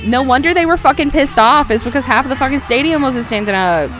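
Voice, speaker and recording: Excitable, profane streamer, a young woman; slightly high voice, faint music underneath. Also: quick pace. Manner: loud, profane, exclamatory, with hollers and laughs. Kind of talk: casual reaction commentary.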